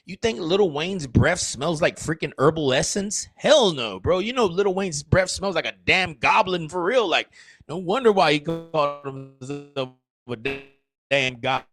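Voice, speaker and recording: A man's voice: a little high, lively intonation, measured pace, fairly bright tone, no room sound, soft background music. A man, a streamer and rapper, chatting casually in a rambling, crude, joking way. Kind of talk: casual livestream chat.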